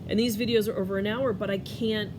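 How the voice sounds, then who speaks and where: A middle-aged woman talks straight to camera at home, her thoughts tumbling out in a scattered, rambling way. She is tearful and emotional, laughing through tears. Her voice sits at a medium pitch, and a furnace rumbles clearly in the background. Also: steady tone, fast talker, background noise. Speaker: vlogger. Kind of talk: casual talking-to-camera life update.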